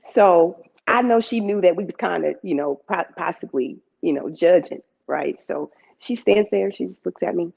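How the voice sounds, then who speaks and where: A woman telling a personal story to a live audience in a lively, conversational way, heard in a dull lo-fi recording. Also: fairly low pitch, normal speed, creaky, hardly any pauses, slightly rough. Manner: lively, conversational, with laughs and asides. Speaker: storyteller and emcee.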